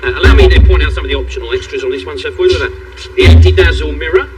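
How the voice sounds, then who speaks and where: An actor playing a cheeky Cockney wheeler-dealer selling a car, in a sitcom, with a smooth sales patter. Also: male voice, a little high, lively intonation, racing, natural voice. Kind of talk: sitcom acting. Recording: distant mic, loud noise.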